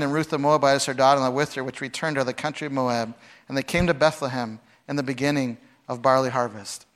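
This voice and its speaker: Middle-aged male preacher, casual and humorous, fond of rhetorical questions, slightly high voice. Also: a bit bright, clean tone. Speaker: pastor. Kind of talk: conversational sermon with scripture reading.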